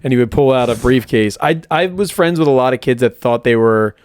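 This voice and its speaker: Brief: guy, crude joker, middle pitch, dry booth sound. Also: lively intonation, fairly quick, clean tone, no room sound. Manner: joking, crude, storytelling. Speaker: podcast guest. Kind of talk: casual podcast banter.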